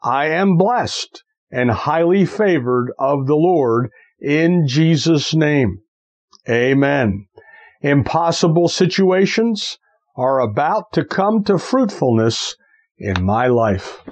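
A man's voice: on the high side, expressive, slow. A man preaching a sermon, fervently exhorting listeners and leading them in spoken declarations of faith.

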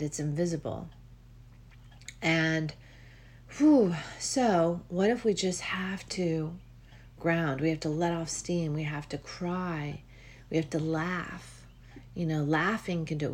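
A middle-aged woman hosts her own self-help show in a gentle, rambling monologue full of fillers and asides. Her voice sits a little low for a woman. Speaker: host.

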